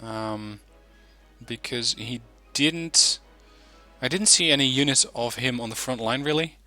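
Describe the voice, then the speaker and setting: A man hosting a gaming channel, giving relaxed, chatty commentary on a game replay with frequent ums. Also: medium pitch, measured pace, soft background music.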